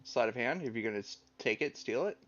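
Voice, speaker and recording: Man, game master, casual swearing, fillers, mid pitch, dull lo-fi mic. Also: animated, fast talker, a crowd in the background. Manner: loose, swearing, laughs easily, hesitant fillers. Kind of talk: running a tabletop game online. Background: fan running.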